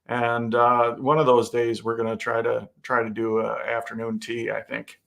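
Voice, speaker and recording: A man's voice: medium pitch, monotone, moderate pace, creaky, fairly bright tone. A man hosting a casual chat show in an easygoing way, laughing often and restarting his sentences. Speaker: host.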